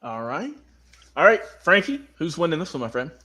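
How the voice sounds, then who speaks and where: A man's voice: on the high side, big pitch swings, moderate pace, sharp tone. A man hosting a casual sports prediction panel, easygoing and hesitant, with many ums. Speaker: sports show host.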